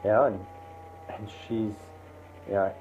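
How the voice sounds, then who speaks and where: A man's voice: fairly low pitch, flat delivery, unhurried. A man telling a casual spoken story in a rambling way with many fillers and restarts. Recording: tinny phone-like line with faint hiss.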